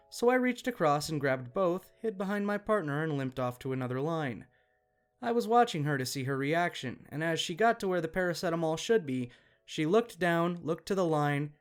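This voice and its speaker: A man reading out a written story as the channel's narrator, in an even, matter-of-fact way. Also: on the high side. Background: faint guitar music.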